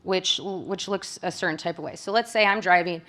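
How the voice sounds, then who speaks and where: A woman from Michigan speaking as a psychologist to a room of caregivers. Her voice sits a little low, and she keeps it conversational, often ending points with a quick question to her listeners. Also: fairly bright tone. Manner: conversational, frequent tag questions. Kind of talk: presentation to caregivers.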